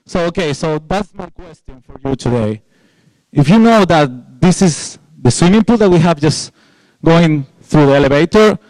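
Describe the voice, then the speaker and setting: Young spanish guy with an accent, chatty tech talk on stage, kinda high voice, dry sound. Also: lively intonation, normal speed, a little mellow, dry recording, low-quality recording. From Spain. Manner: casual, rambling, with many restarts and fillers; jokey asides to the audience. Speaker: conference speaker. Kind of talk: conference talk. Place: conference hall.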